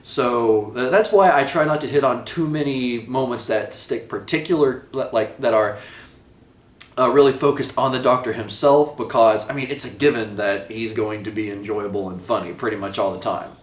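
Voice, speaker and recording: A man's voice: mid-range voice, normal speed. A man giving a casual video review of a TV episode, rambling, correcting himself and laughing often. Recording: echoey room.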